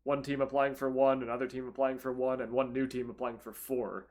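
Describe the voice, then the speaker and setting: A young man co-hosting a casual podcast, telling a story in an animated, profane way. His voice swings between loud outbursts and low mumbles. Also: a little fast. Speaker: podcast co-host.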